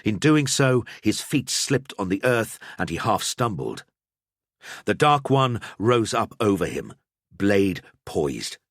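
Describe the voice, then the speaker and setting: A man's voice: on the low side, sing-song, slow, no room sound, clean studio sound. A man narrating an audiobook, telling a battle scene in a dramatic storytelling style. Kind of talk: scripted narration.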